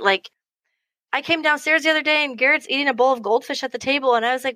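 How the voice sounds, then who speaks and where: Bright, lively young woman telling stories. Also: a little high, fast, no echo, poor audio. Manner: animated storytelling, acting out quoted voices, frequent laughs. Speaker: podcast guest, mother. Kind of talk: casual interview chat.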